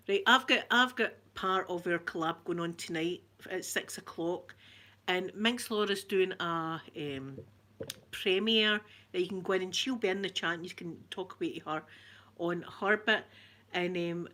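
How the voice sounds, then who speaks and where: A woman's voice: medium pitch, pushed and bright. A woman with a broad Glaswegian accent, hosting a casual live-stream chat, greeting viewers by name and laughing often. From Scotland. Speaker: ASMR channel host.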